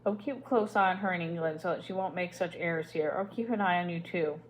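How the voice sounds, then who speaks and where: A woman's voice: lowish voice, quick pace, slight background noise, lightly acted. A woman reader voicing a haughty, condescending English lady in a storybook. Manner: condescending, mocking.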